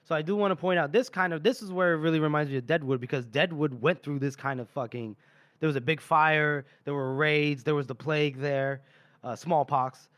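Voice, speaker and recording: A man's voice: on the high side, fairly even intonation, a little fast, fairly bright tone, no room sound, clean studio sound. A man co-hosting a podcast, casually retelling a book chapter and briefly quoting the characters, with the odd swear word. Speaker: podcast co-host. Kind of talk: casual book-club recap.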